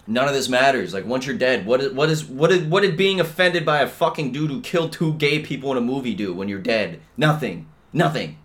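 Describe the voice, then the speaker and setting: A young man holds forth alone on his podcast in a loose, profane rant. His talk wanders and is stuffed with slang fillers. He drifts between quiet grumbling and sudden loud outbursts. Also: brisk, few pauses. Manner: profane, rambling, heavy on "dude" and "bro" fillers; swings between low mutters and loud outbursts. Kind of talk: casual ranting monologue.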